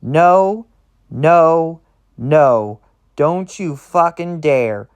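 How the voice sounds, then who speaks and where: A man's voice: mid-range voice, a little slow, muffled recording, natural voice. Man doing a snarling cornered superheroine. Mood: defiant. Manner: snarling, swearing. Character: defiant cornered woman superhero, vicious.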